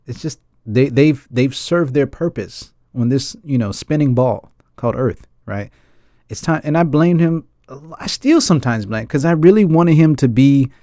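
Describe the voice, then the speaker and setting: A man's voice: on the high side, warm tone, dry recording, studio quality. A man from the United States hosting a film chat, talking in an earnest, rambling way and often checking in with his audience. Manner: earnest and rambling, keeps asking the audience "right?" and "guys". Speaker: film discussion host. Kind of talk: casual reflective chat.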